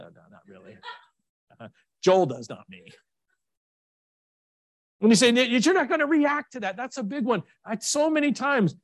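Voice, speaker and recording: A man preaching a sermon, telling stories with lively swings into a high excited voice. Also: no echo. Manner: animated storytelling, jumps to high excited pitch. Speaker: pastor.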